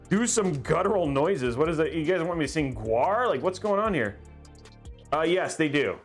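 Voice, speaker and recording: Lively, laughing young man streaming. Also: a little high, unhurried, long pauses, faint music behind. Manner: rambling, laughs often, reads chat aloud. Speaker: livestream host building a PC. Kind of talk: casual live-stream chat.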